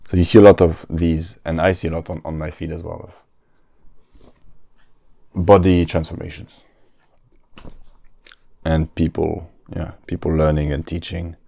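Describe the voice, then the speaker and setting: A man's voice: a bass voice, little pitch movement, unhurried, creaky, long pauses, dark tone, no room sound, clean studio sound. A man, hosting a casual solo podcast, often stopping to search for words and restarting his sentences. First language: French. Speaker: podcast host.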